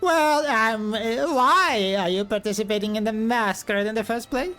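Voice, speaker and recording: A man voicing a hesitant male lord who questions a servant with halting fillers, reading game dialogue aloud. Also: high voice, sharp tone, faint music behind.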